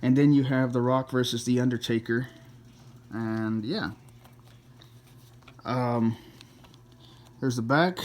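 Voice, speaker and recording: A man's voice: medium pitch, slow pace, long pauses. A man talking casually to camera as he reviews his DVD collection, rambling, with many fillers and self-corrections, blunt and a little crude.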